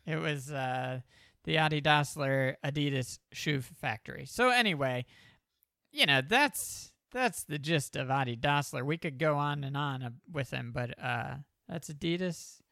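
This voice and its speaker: A man's voice: on the high side, a little slow, vocal fry, sharp tone, no echo, studio quality. A man hosting a podcast in a playful, casual chat, laughing easily. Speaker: podcast host.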